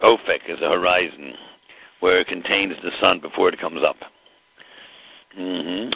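Gravelly low rabbi on a tinny line. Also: male voice, steady tone, a little slow, dry recording. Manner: dramatic storytelling, acts out the scene. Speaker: rabbi teaching Torah. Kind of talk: Torah lecture mixing Hebrew and Yiddish terms. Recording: tinny phone-line audio.

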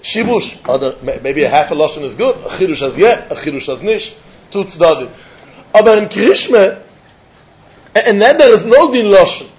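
A man giving a Talmud lecture, animated, firing rhetorical questions and chuckling often. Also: high voice, normal speed. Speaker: Talmud teacher. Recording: dull lo-fi recording.

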